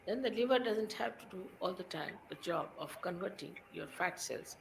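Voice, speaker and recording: A woman explains spiritual ideas in a measured, teacherly way, her voice often dropping into a gravelly fry. A faint hiss of noise sits under the recording. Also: fairly low pitch, expressive, rough recording.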